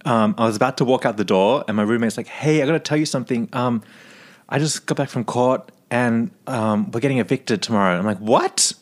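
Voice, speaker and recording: A man from Australia, co-hosting a podcast and telling a story in casual, animated chat with frequent swearing. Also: medium pitch, brisk. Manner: animated, swears, laughs often. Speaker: podcast co-host.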